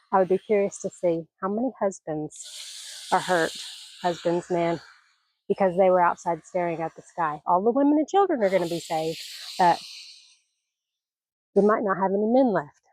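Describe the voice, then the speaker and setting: A woman's voice: fairly low pitch, normal speed, pauses often, darkish tone, dry recording. Chatty retired woman with a scratchy voice. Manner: chatty, rambling, folksy asides. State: scratchy voice from allergies. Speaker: vlogger. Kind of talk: casual vlog chat. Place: outdoors on a mountain homestead porch and garden. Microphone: phone camera.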